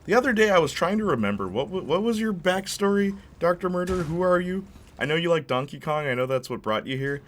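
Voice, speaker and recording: A young man runs a gaming channel, chatting casually and rambling through stories as he plays. His voice is a little high, expressive and fast.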